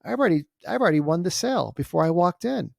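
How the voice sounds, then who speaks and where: A man coaching real estate agents in a casual walkthrough, energetic and constantly tagging his points with "right?". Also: high-pitched, quick pace, gravelly, no echo, studio quality. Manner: acts out client conversations in storytelling bursts.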